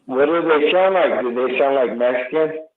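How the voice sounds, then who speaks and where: A man's voice: medium pitch, normal speed. A man from California in a casual group call, asking questions and repeating himself. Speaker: participant in group chat. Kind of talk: casual chat. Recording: tinny roomy phone line.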